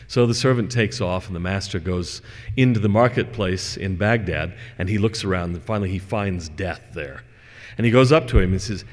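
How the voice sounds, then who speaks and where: Man, lower voice, religious lecture, conversational with fillers, long hall reverb. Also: a little fast. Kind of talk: religious lecture with scripture reading.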